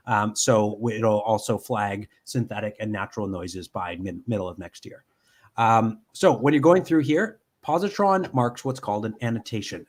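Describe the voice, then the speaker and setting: A man giving a live software demonstration from home, explaining step by step with frequent ums and restarts. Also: on the low side.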